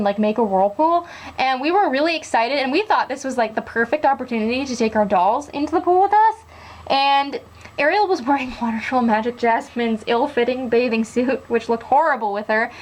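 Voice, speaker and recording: A young woman with a fairly high voice talks through her doll collection in an easy show-and-tell way. She rambles and leans on fillers as she goes. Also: rough recording. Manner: chatty and rambling, with many fillers. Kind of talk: casual show-and-tell chat.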